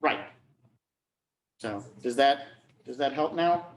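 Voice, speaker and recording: A man's voice: medium pitch, lively intonation, slow pace, echoey room. A man lecturing on law, explaining step by step and often checking whether students follow. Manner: checks understanding often, repeats phrases.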